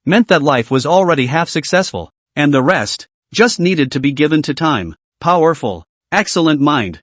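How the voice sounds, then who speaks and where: Male recap narrator, animated, slightly high, dry close sound. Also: moderate pace, dry recording. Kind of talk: scripted story narration.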